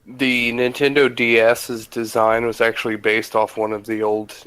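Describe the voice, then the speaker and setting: A man's voice: medium pitch, completely flat delivery, normal speed, fairly bright tone, clean tone, no echo, rough recording. A man co-hosting a podcast, chatting casually and enthusiastically with lots of "like" fillers. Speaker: podcast co-host. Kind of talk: casual chat.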